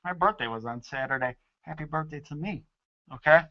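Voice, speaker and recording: A man's voice: a little high, fairly quick, no room sound, muffled recording. A man hosting his own internet radio show alone, rambling and joking with mild cursing, yawning and sleepy. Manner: rambling, joking, mildly profane. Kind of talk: casual solo radio chat. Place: home studio room. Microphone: desk mic with headphones.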